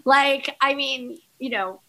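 A woman's voice: sits high, slow, pushed and bright. A middle-aged woman chatting as a podcast guest, rambling with lots of fillers and restarts. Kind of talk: casual chat.

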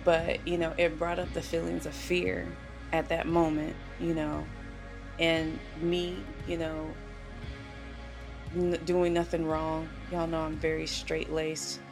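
A woman with a notably low voice and a gravelly, fry-laden edge recounts a personal experience in conversation. She speaks earnestly and emotionally, leaning on fillers like "you know" and "like". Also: little pitch movement, slow pace, over music. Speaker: podcast guest.

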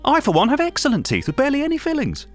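An actor playing a gossipy, self-regarding British local radio host with a British accent, rambling from one aside to the next in a comedy radio monologue. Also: male voice, mid-range voice, big pitch swings, brisk, fairly bright tone, soft background music.

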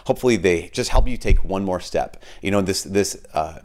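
A man, a priest giving a conversational homily and podcast message. He tells stories in a lively, informal way, with fillers and self-deprecating asides. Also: deep voice, moderate pace. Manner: animated storyteller, acts out quoted people in a raised voice.

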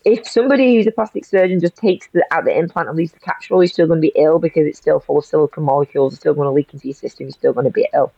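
A woman's voice: low voice, racing, creaky, few pauses, dry recording. A woman, a guest in an interview, telling a personal story in an emotional rush full of restarts. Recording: dull lo-fi audio.

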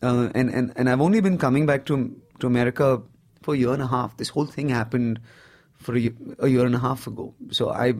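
A man in his thirties with an Indian accent talks through his story at an even, mid-range pitch. He speaks in a loose, lively conversational way, often tossing in "you know". The tone is that of a comedian chatting casually as an interview guest. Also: brisk.

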